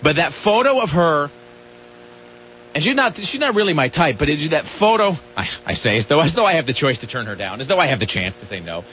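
A man's voice: fairly high pitch, big pitch swings, brisk, sharp tone, dull audio, slight background noise. A man hosting a radio talk show, joking and rambling through casual banter and laughing often.

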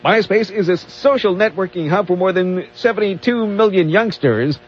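A man's voice: high voice, normal speed, slightly rough. A man co-hosting a radio show, reading news items in a dry, wisecracking way. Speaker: radio co-host and news reader. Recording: dull lo-fi radio broadcast.

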